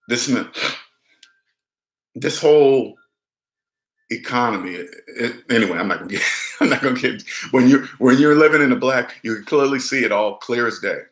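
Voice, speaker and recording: Man, finance vlogger, emphatic, repetitive, bright forceful voice, echoey room. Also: medium pitch, normal speed, long pauses. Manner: emphatic, repetitive, acts out little dialogues. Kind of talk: casual direct-to-camera advice.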